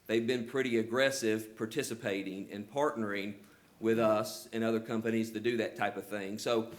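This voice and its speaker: An older Georgia man with a rural Southern accent represents a telecom company at a public hearing, presenting and fielding questions earnestly with frequent "you know" fillers. His voice sits on the low side, with a steady tone and normal pace.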